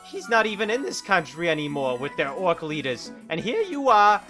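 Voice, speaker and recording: A man voicing a nagging skeleton mother who scolds her son in a shrill, bossy voice. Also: big pitch swings, moderate pace, sharp tone, soft background music, exaggerated voice. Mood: scolding.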